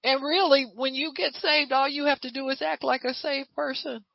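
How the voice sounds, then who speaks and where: A woman preaching a sermon in a lively, conversational way, full of rhetorical questions. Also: high-pitched, normal speed, creaky, no room sound, highs cut off.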